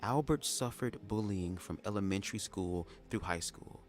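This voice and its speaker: A man reading a memoir aloud live, breaking off into sassy, animated asides. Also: lowish voice, moderate pace, faint music behind. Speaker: reader of a memoir. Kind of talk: live read-aloud with commentary.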